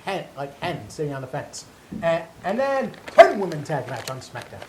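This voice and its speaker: A wrestling podcast co-host with a fairly high, very animated voice talks at a moderate pace, stammering and restarting often. The room is echoey, with a faint hum in the background.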